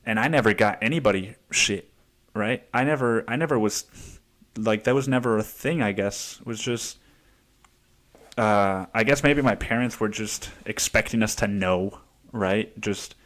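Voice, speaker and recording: A man's voice: lowish voice, measured pace, a bit bright. A young man hosting a solo podcast, telling stories in a rambling, profane way with many restarts. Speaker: podcast host. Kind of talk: casual solo monologue.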